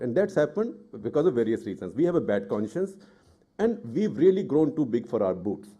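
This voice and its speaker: A man's voice: a little high, big pitch swings, a little fast, slightly rough. A middle-aged man from India, a journalist speaking on a panel, telling a story and then arguing with rising indignation. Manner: forceful and indignant, rising in anger. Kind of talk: impassioned public talk.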